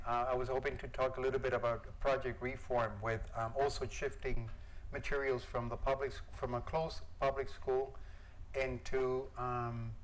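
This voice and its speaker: A man giving an informal lecture about his art, talking in a halting, musing way with many pauses and fillers. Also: mid-range voice, a little hiss or hum, rough recording. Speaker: visiting artist giving a lecture.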